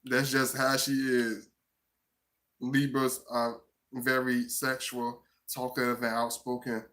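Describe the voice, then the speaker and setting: A man chats casually on a live stream, rambling and circling back over the same words. His voice has a bright, forward edge. He laughs now and then as he talks. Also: medium pitch, completely flat delivery, slow pace. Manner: rambling, repeats himself, laughs often.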